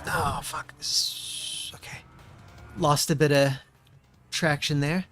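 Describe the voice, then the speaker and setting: A man's voice: a little high, steady tone, slow, a bit bright, faint music behind. A man streaming a racing game, muttering to himself and swearing often as he chats. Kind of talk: casual gameplay commentary.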